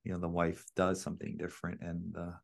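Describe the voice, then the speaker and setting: A man's voice: sits low, completely flat delivery, quick pace, gravelly. A man hosting a podcast, affirming and encouraging his guest in casual chat. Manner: encouraging, affirming with frequent yeahs. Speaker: podcast host.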